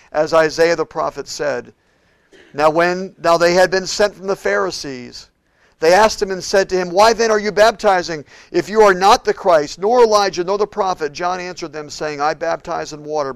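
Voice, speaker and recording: A man preaching a sermon as a pastor in a church, shifting between loud, emphatic declarations and quiet, hushed passages. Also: high voice, vocal fry, smooth, no room sound. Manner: preaches with big swings from shouting to hushed tones.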